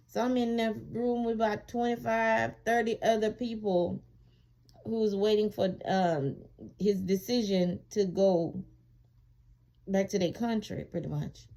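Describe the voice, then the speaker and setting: A woman casually telling a personal story to viewers, emphatic and colloquial, repeating phrases for emphasis and growing animated when she recalls being wronged. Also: mid-range voice, a little slow. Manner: animated when reliving indignation. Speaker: vlogger sharing her immigration experience.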